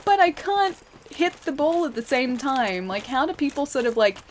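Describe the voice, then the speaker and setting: A woman's voice: sits high, sing-song, moderate pace, slight background noise. An Australian woman streaming a game, chatting casually with her viewers, reading out their comments and reacting to the fight with frequent laughs. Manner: chatty, laughs often, reads chat aloud and reacts to the fight. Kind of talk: casual live-stream chat while gaming. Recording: game music clear behind the voice. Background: game music.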